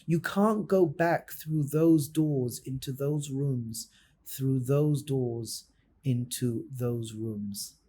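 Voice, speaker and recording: A man acting out a calm, wise elderly male rebbe in a sermon story, speaking slowly, softly and firmly. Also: mid-range voice, slight background noise. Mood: gentle. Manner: slow, gentle, firm.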